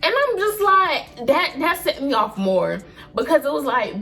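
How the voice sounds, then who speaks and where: A young woman in her early twenties with a high voice, telling a vlog storytime in an animated, slangy way. Her delivery is expressive and lively. Faint music plays underneath. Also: measured pace. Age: early 20s. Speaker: vlogger.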